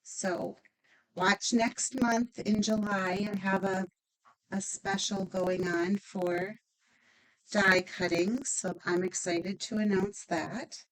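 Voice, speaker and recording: A woman's voice: medium pitch, fairly even intonation, slow pace, fairly bright tone, rough recording. A woman demonstrating a stamping craft project, chatty and upbeat, thinking aloud as she works.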